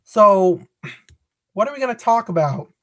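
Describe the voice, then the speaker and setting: A woman hosting a casual live stream, rambling, restarting her sentences, and greeting viewers as they arrive. Her pitch sits at a middling level for a woman. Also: expressive, a little slow. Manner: rambling, self-correcting, greets viewers by name.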